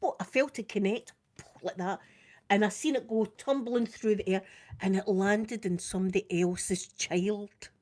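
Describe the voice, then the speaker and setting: Speaking unhurriedly at a medium pitch, an older Scottish makeup vlogger tells casual stories on a live stream. She animates them, performing screams and quoting people.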